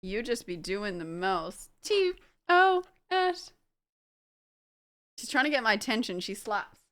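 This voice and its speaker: Give me a young woman chatting to her stream, bright and scattered. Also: medium pitch, moderate pace. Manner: chatty, distracted, swearing, laughing at her dogs. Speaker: livestreamer. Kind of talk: casual livestream chat. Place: at home with dogs.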